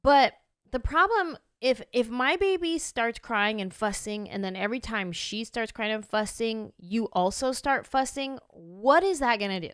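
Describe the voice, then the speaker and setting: A woman in her thirties hosting a podcast, telling a story in a casual, animated way and acting out her own reactions. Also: a little high, normal speed, clean tone, no room sound, clean studio sound. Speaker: podcast host.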